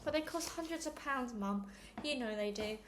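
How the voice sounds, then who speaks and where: A woman's voice: high voice, animated, normal speed, a bit bright, a little hiss or hum, voice pushed up. A woman reading aloud, voicing an anxious, unhappy young girl who pleads in a small voice. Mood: worried.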